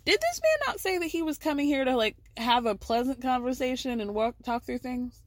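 A woman's voice: sits high, lively intonation, fairly quick, no room sound. A woman hosting a podcast, recapping a TV show in casual chat, blunt, swearing freely and chuckling often. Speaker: podcast host.

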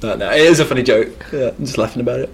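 A man's voice: mid-range voice, racing, vocal fry, husky. Man, podcast co-host, casual book recap, wry dry humor, laughing asides. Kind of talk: casual literary recap chat.

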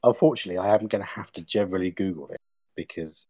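Laughing as he reads off a list, a twenty-something co-host chats casually on his podcast. He speaks quickly in a low register, and the lo-fi audio has no echo.

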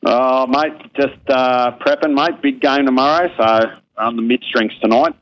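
A man's voice: mid-range voice, steady tone, unhurried. An Australian man on a phone line, telling laid-back, self-deprecating stories as a regular guest. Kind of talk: casual storytelling.

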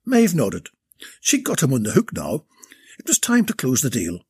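A man with a gravelly, raspy voice narrating a comic story in a deadpan way. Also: mid-range voice, normal speed.

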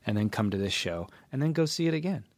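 A man's voice: on the low side, animated, fast talker, no room sound. A man hosting a podcast, playful and geeky in casual talk. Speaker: podcast host. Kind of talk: casual podcast chat and sign-off.

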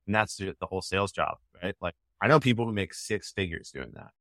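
Energetic man acting out sales calls. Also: sits low, fast, dry recording, clean studio sound. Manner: energetic, acts out call snippets. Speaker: sales expert guest. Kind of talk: podcast interview answer.

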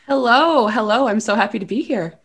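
A woman's voice: on the high side, animated, a little fast, fairly bright tone, slightly rough. A woman from Canada, a guest on a podcast, bubbly and enthusiastic, with lots of "like"s. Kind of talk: casual podcast chat.

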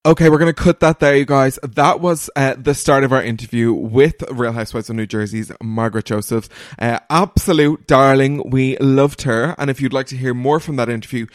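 A young man co-hosts a casual podcast, chatting quickly with plenty of asides. His voice sits at an everyday middle pitch. The recording is close and dry, with no room sound. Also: no room sound. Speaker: podcast co-host.

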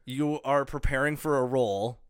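A man's voice: medium pitch, moderate pace, smooth, dry recording, studio quality. A man, an actor and comedian, co-hosting a podcast with playful teasing banter. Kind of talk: casual chat.

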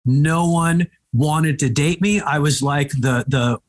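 A slightly high, husky male voice tells an animated story as a comedian guest in an interview. He grew up in Egypt and throws in quick asides as he talks.

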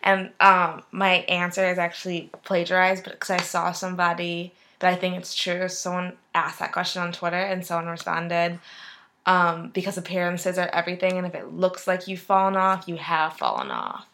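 Bright-voiced young woman, animated storyteller. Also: on the low side, normal speed. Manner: animated storyteller, playful bravado. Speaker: podcast co-host. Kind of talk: casual chat.

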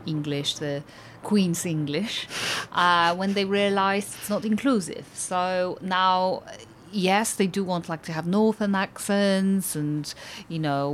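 A woman from Eastern Europe hosting a relaxed interview. Her voice sits fairly low, and she thinks aloud with frequent fillers and restarts. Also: slight background noise. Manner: thoughtful, hesitant with many fillers and restarts. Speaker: podcast host. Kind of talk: conversational interview.

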